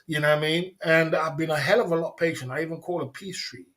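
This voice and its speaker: A fast-talking livestream host with a fairly high, slightly bright voice reads and responds to viewer comments in a casual chat. His streetwise slang comes out rambling and repetitive.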